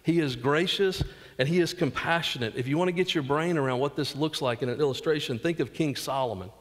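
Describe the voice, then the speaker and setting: A man's voice: on the high side, brisk. A man with a Southern US accent preaching a sermon as pastor, earnest, acting out quotes and dropping asides to the congregation. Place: church sanctuary. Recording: long church reverb.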